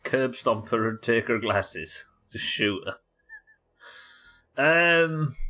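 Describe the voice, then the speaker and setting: A man's voice: on the low side, fairly even intonation, a little slow, bright, forceful tone. Rambling British-based streamer man. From United Kingdom. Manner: casual, rambling, swears, reacts aloud. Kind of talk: live gameplay commentary.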